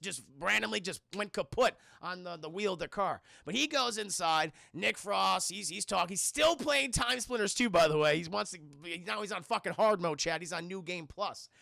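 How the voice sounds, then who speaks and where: A man's voice: high voice, vocal fry, sharp tone, dry recording, studio quality. A man streaming a casual, profane scene-by-scene film recap, rambling and constantly addressing his live chat.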